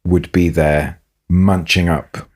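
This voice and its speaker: A man's voice: low voice, level tone, slow, darkish tone. A man co-hosting a podcast, telling stories in casual chat with hesitant restarts. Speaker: podcast co-host.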